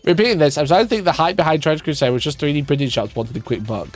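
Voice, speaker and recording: Exasperated man ranting, swinging pitch. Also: sing-song, quick pace, hardly any pauses, a little mellow, soft background music. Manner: exasperated, swearing, sarcastic, laughing at himself. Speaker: wargaming YouTuber reacting to a video. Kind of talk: casual livestream rant.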